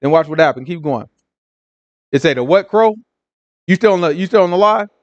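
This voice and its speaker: A man's voice: a little high, lively intonation, fairly quick, no room sound, lo-fi sound. A man teaching a casual Bible lesson, retelling scripture in street slang and acting out the voices of onlookers while checking in with his listeners.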